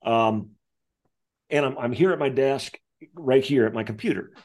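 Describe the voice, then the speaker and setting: A man telling a personal story as an interview guest, acting out the voices of the people in it. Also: normal speed. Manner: acts out quoted voices, lively pitch. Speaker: author and guest. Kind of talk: animated storytelling.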